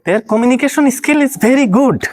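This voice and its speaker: A man from Bangladesh with a Bangladeshi English accent, an English trainer giving an earnest, encouraging motivational talk, halting often to correct himself. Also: extremely high pitch, animated.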